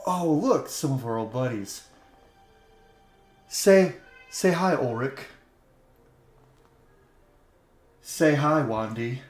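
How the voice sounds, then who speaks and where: Cocky villainous dragon knight, put on by a male game master, bright and sneering, echoey room. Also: mid-range voice, expressive, slow pace, soft background music. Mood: mocking. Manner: mocking, swaggering. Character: cocky taunting male dragon-rider commander.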